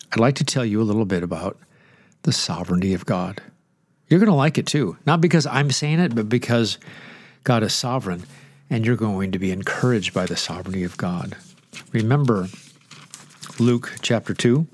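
An older man delivers a conversational radio sermon in a low, nasal voice, stuffy from inflamed sinuses. He is chatty and jokes in asides. The sound is dry and close, with no room around it. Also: normal speed, long pauses, husky, dry recording. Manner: chatty, joking asides, lively emphasis. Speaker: radio Bible teacher.

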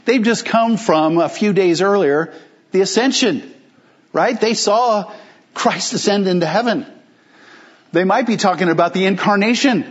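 Husky-voiced man preaching a casual sermon. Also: high voice, lo-fi sound. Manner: conversational, acts out listeners' reactions in quick asides. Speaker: pastor.

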